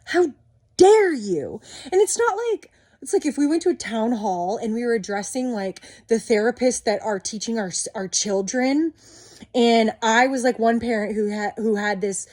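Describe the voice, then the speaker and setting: A woman in a heated, swearing rant to camera as a vlogger, swinging between loud outbursts and muttered asides. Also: a little high, lively intonation, moderate pace, no room sound, clean studio sound.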